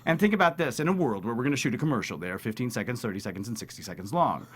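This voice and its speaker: A man, a casting director, chatting as a guest in a talk show studio, animated and joking, often restarting with fillers. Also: mid-range voice, very fast. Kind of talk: casual interview chat.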